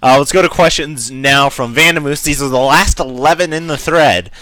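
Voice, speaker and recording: A man's voice: on the high side, normal speed, bright, forceful tone. A man hosting a podcast, joking around and reading out listener questions. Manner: jokey, reads out questions. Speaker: podcast host. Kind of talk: casual chat.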